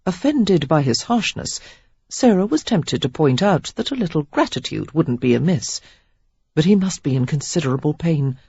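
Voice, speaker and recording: A woman narrating a historical romance audiobook in a measured, expressive reading. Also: low-pitched, vocal fry, slightly rough, highs cut off. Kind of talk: scripted narration of a romance novel.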